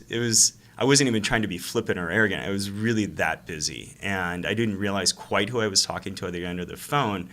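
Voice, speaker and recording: Deep, bright-voiced man telling stories. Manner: animated storyteller who acts out phone calls. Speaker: real estate investor and coach, interview guest. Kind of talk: casual storytelling in an interview.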